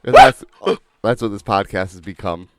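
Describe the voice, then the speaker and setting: A man's voice: fairly low pitch, moderate pace, heavy background noise. A man co-hosting a casual podcast, adding sarcastic jokes to his co-host's story. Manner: sarcastic, joking interjections. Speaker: podcast co-host.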